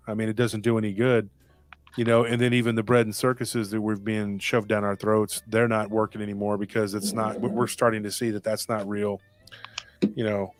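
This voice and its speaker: Rambling, emphatic man on a podcast panel. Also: lowish voice. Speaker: podcast host. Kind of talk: casual panel talk.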